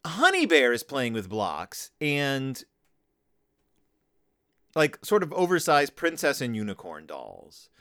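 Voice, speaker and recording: A man's voice: mid-range voice, takes it slowly, long pauses. A tired man hosting a podcast, chatting casually about a children's picture book in a rambling, wry way, with brief put-on voices for the characters. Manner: rambling, wry, self-interrupting, animated; puts on brief character voices when paraphrasing. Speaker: podcast host. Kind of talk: casual book review chat.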